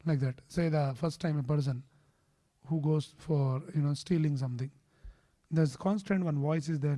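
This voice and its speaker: A man's voice: a little high, normal speed, mellow. A man speaking at a temple, giving a scripture class sermon. He explains patiently and puts questions to the audience. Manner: chants Sanskrit verses. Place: temple hall.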